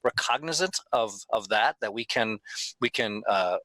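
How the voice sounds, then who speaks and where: A middle-aged man talking as a guest in a casual podcast chat, emphatic and animated, with lots of restarts and the odd swear word. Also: lowish voice, moderate pace, dry recording, low-quality recording. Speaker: convention owner, guest.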